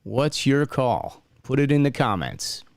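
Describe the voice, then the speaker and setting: A man's voice: mid-range voice, expressive, unhurried. A man co-hosting a casual referee talk stream, chatty and plugging the channel. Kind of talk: casual live-stream chat.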